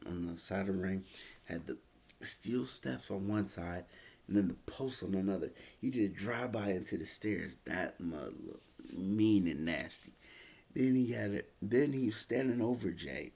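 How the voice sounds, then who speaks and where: Man, wrestling review vlog, rambling, husky, gravelly. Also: fairly low pitch, a little mellow. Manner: rambling, many fillers and restarts.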